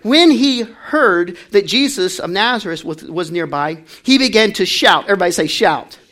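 A man pastor preaching a sermon, calling on the congregation to answer back and swinging from quiet talk to loud shouting. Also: high-pitched, lively intonation, normal speed.

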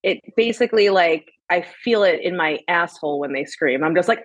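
A woman's voice: lowish voice, lively intonation, brisk, dry recording, dull audio. A woman in her thirties, a podcast guest, talking candidly about motherhood with lots of fillers and casual swearing. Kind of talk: casual chat.

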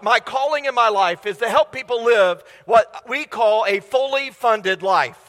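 A man's voice: very high-pitched, pushed and bright. A man preaching a sermon as a guest speaker in a church, enthusiastic and conversational, often asking the congregation questions. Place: church sanctuary. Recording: long church hall reverb.

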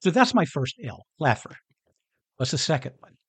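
A husky-voiced man talks through a motivational podcast episode in an earnest, conversational way and chuckles often. His pitch moves a lot from one phrase to the next. The sound is dry and close, with no room around it. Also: very animated, moderate pace, a bit bright, no echo. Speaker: podcast host. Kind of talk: motivational solo podcast talk.

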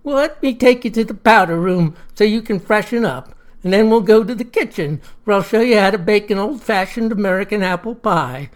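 A woman voicing a gracious wife who speaks politely and warmly to a guest. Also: medium pitch, lively intonation, a little fast, lightly acted. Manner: polite, welcoming.

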